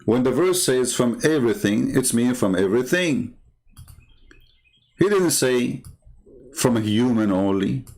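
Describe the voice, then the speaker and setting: A man's voice: medium pitch, lively intonation, unhurried, long pauses, a little mellow. A man hosting an online show, commenting on a clip with a mocking, sarcastic manner and broken English.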